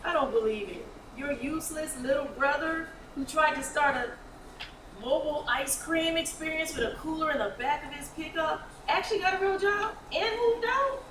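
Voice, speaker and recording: A woman's voice: high voice, close to an everyday voice. An actress playing a stressed woman manager brushing off her ex in a staged comedy reading. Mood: exasperated. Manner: exasperated, brisk. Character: Diana, harried woman DMV manager. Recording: roomy hall, audience noise, far mic.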